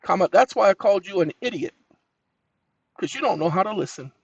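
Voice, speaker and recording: A man with a rather high voice hosts his own channel, talking straight to viewers in a folksy, animated way. He barks short commands at a voice assistant and dictates questions to it. The sound is dry and close, with no room around it. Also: brisk, vocal fry, breathy edge, dry recording, muffled recording. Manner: animated, scolding, commanding interjections; folksy, addresses audience as y'all. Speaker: channel host.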